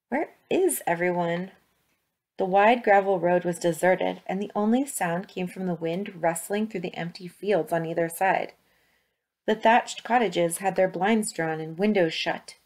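A woman narrates a children's storybook aloud in a steady, expressive way. Her voice sits fairly low. The reading is paced for listeners to follow the story.

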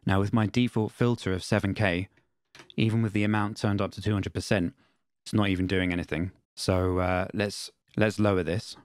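A man with a deep, low voice walks through audio software settings in a plain, matter-of-fact tutorial manner. The recording is dry and close, with no room sound around the voice. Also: steady tone, normal speed, no room sound. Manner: plain, matter-of-fact explaining with repeated test phrases. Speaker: music production tutor.

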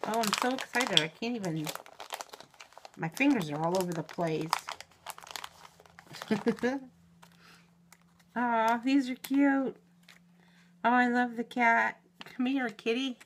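A middle-aged woman opening a mail package in a home vlog, gushing and giggling, shaky with excitement. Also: on the high side, slow pace, pauses often, noisy background. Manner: gushing and giggly, exclaims often. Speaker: YouTube reviewer. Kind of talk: unboxing vlog.

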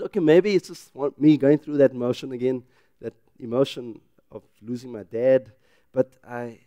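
A middle-aged man, a pastor who preaches with loud, emphatic rises and then drops into a quiet, personal telling. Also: medium pitch, no echo, studio quality. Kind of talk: sermon.

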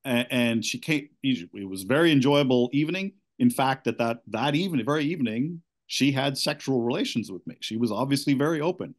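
A middle-aged man with a medium-pitched voice and lively intonation is seeking coaching. He gives a candid but halting account of his marriage, restarting many times.

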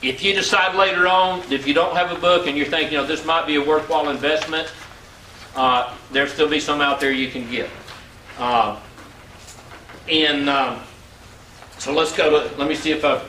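A man in his sixties leads a motivational business seminar in a slightly high, bright, forceful voice with fairly even intonation, normal speed and long pauses. He earnestly repeats words for emphasis, recorded from a distance in an echoey hall with faint ambient noise.

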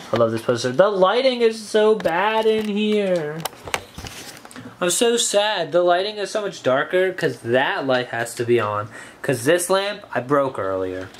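Teen boy, casual vlog chat, mid-pitched voice, faint hum behind, slangy and hyped. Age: teens. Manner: excited, slangy, lots of "like". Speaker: YouTube vlogger and streamer. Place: bedroom with a streaming setup, indoors.

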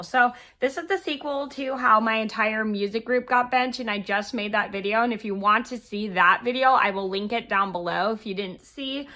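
A woman's voice: mid-range voice, sharp tone. Scratchy-voiced woman with a cold. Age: 30s. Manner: rambling, many fillers and restarts. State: hoarse from a cold. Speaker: vlogger. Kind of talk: casual storytime while crocheting.

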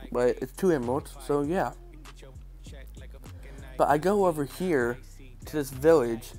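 A man with a stuffy, congested nose giving casual, joking and sarcastic game commentary. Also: medium pitch. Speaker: gaming channel host.

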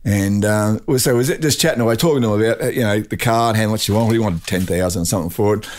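An older Australian man, a drag racing champion appearing as a guest, tells rambling anecdotes in casual conversation, laughing and restarting along the way. His lowish voice is fast and a little mellow.

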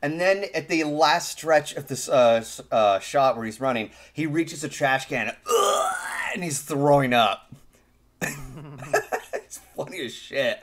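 A man's voice: on the high side, a little slow. A man hosting a casual preshow chat with friends on a voice call, rambling and laughing at his own stories. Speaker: streamer host.

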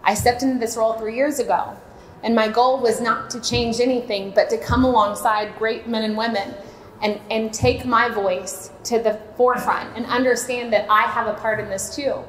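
A woman's voice: on the high side, steady tone, normal speed, slight background noise. A woman in her late thirties from Florida gives a heartfelt personal testimony at a church seminar. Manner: earnest and heartfelt, speaking openly. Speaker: speaker, maternity home director. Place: church hall. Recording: echoey church hall.

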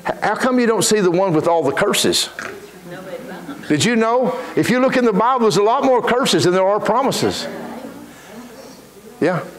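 A man's voice: high-pitched, animated, moderate pace, pauses often. A man preaching a sermon in a church, folksy and fervent, telling homely stories. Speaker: pastor. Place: church sanctuary. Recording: echoey church room.

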